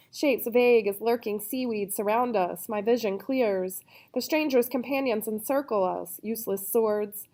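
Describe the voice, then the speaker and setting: A woman giving a dramatic reading of a novel in the first person, moving between hushed passages and sudden cries. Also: on the high side, normal speed, hardly any pauses. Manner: intense, shifting between hushed and cried-out lines. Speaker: reader.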